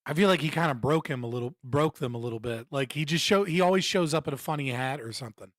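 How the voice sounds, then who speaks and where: A man's voice: on the high side, quick pace, no room sound, studio quality. A young man live-streaming his reactions, ranting bluntly and mockingly with lots of swearing. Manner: blunt, profane, mocking, animated rants. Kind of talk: casual live-stream commentary.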